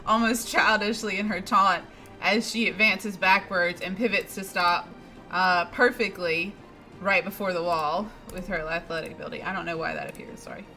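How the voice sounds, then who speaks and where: A woman's voice: fairly low pitch, steady tone, moderate pace, sharp tone, soft background music. A woman playing in a tabletop game, describing her character's actions in detail. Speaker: player.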